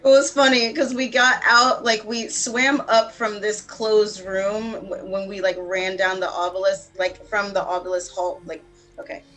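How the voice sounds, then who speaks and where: A woman's voice: mid-range voice, flat delivery, unhurried, fairly bright tone, faint music behind, poor audio. A woman player rambling through a recap of a tabletop game, saying "like" constantly.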